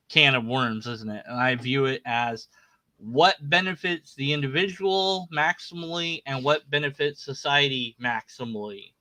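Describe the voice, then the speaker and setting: Bright, sarcastic man rebutting a critic. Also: medium pitch, poor audio. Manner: sarcastic, rambling, trails off with shrugs. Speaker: video creator responding to a critic. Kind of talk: casual spoken rebuttal commentary.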